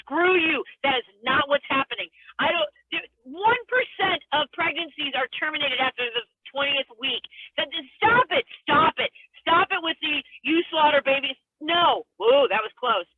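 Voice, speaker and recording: High-voiced woman comic ranting on a video call, exasperated and self-mocking, tinny phone-ish sound. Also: animated, normal speed, few pauses, no room sound. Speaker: stand-up comedian. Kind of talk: stand-up set on a video call.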